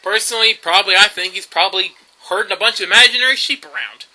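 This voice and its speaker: A man's voice: high voice, quick pace, bright, forceful tone, low-quality recording. A man, telling rambling stories in a casual vlog monologue, full of fillers and laughs. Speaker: YouTube vlogger.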